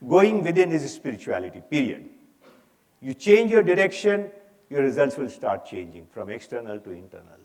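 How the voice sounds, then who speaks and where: A man's voice: mid-range voice, sing-song, normal speed, darkish tone. An older man with an Indian English accent giving an emphatic, preachy talk on values at a conference. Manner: preachy, emphatic, rising and falling in force. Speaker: speaker. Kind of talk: inspirational talk on stage. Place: conference hall.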